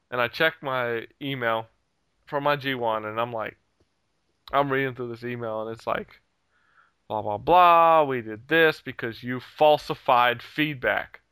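A man's voice: medium pitch, sharp tone, clean tone, dry recording. A man telling a heated story in casual chat, swearing freely and laughing at himself along the way. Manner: heated, profane, laughs at his own story.

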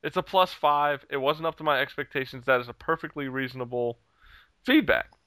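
A man's voice: mid-range voice, fairly quick, bright, forceful tone, clean tone, no echo. A man telling a heated story in casual chat, swearing freely and laughing at himself along the way. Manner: heated, profane, laughs at his own story.

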